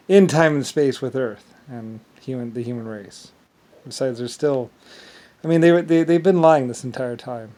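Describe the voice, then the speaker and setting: A man's voice: mid-range voice, mellow. A man talking alone in a rambling monologue, stumbling and repeating words as he goes. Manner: halting, repeats words, trails off. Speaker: vlogger.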